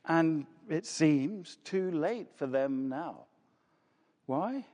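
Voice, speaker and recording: Male preacher, high and animated voice, emphatic sermon delivery, long hall reverb. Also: extremely slow. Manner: emphatic, with rhetorical questions and repeated words.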